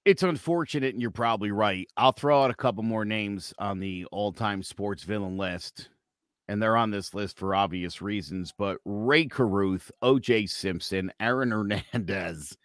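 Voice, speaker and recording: A man co-hosting a casual sports podcast, animated and jokey. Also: lowish voice, normal speed, dry recording, clean studio sound. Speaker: podcast co-host.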